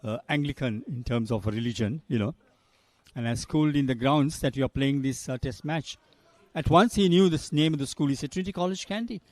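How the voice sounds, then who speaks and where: An older man calls a cricket match in a chatty, storytelling way. His voice is mid-pitched and he drifts between anecdotes and the action on the field. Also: fairly quick, darkish tone, dry recording. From Sri Lanka. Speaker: cricket commentator. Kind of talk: live cricket commentary with anecdotes.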